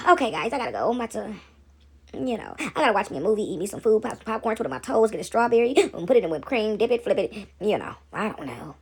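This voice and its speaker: A woman's voice: mid-range voice, sing-song, fast talker, husky. A woman vlogger in a casual faith chat, rambling and preachy, talking straight to her viewers.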